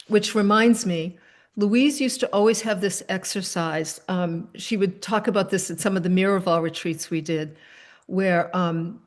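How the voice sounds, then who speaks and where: Middle-aged woman host, storytelling over a video call, animated, chatty. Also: fairly low pitch. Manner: animated storyteller, quick asides, soft fillers. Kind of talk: casual storytelling chat.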